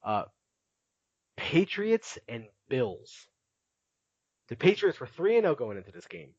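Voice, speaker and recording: A man hosts a relaxed podcast and talks through his recap in a loose, chatty way, laughing often and using plenty of filler words. His voice sits at a middle pitch. The recording is dry and a little dull. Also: slow pace, husky, no echo. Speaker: podcast host. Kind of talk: casual podcast chat.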